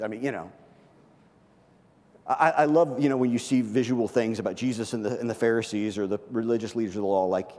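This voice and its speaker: A man's voice: fairly low pitch, darkish tone. Man preaching in a reverberant hall. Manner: conversational, earnest, repeats phrases for emphasis. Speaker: pastor. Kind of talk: sermon.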